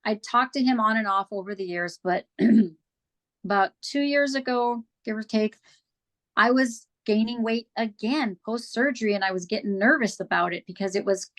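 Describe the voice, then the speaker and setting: A woman in the guest's chair with a voice of ordinary middle pitch. She tells her story candidly and earnestly, slipping into the voices of past conversations as she goes. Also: fairly bright tone. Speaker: interview guest. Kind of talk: casual personal storytelling.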